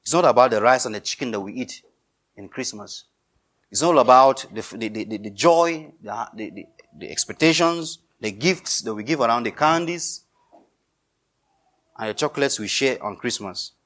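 A male pastor preaching a sermon, emphatic and repetitive, swinging between loud insistence and quiet intensity. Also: mid-range voice, animated, normal speed.

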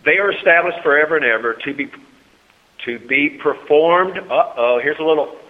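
A man preaching a sermon to a congregation, swinging between soft asides and loud, high-pitched exhortation and calling for amens. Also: moderate pace. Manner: talks with the congregation, calls for amens. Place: church hall. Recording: tinny phone-like recording in a reverberant hall.

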